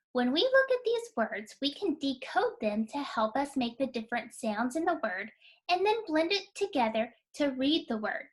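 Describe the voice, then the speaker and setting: A woman teaching a phonics lesson to young children, sounding out words slowly, clearly and encouragingly. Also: sits high, fairly bright tone. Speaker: kindergarten teacher.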